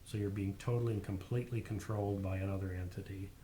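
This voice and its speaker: A man's voice: low-pitched, fairly even intonation, fast talker, dark tone. A man in a studio discussion, explaining plainly and matter-of-factly.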